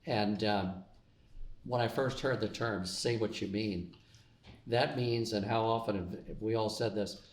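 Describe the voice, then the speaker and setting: A man's voice: fairly low pitch, measured pace. A man co-hosting a casual talk with his wife, easygoing and loose, with plenty of ums and you-knows. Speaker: co-host. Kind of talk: casual chat. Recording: echoey room.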